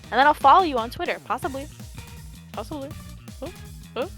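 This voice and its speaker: A woman's voice: high voice, animated, brisk, a bit bright, faint music behind. A young woman commentating a live esports tournament, joking in playful mock outrage and wandering off on tangents.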